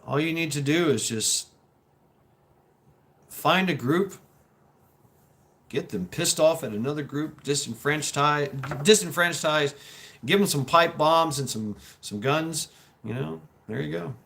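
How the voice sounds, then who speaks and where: A man hosting a livestream, talking casually and reacting to chat in a halting, rambling way, with frequent laughs and swearing. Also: on the high side, creaky, fairly bright tone. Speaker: livestream host reading chat.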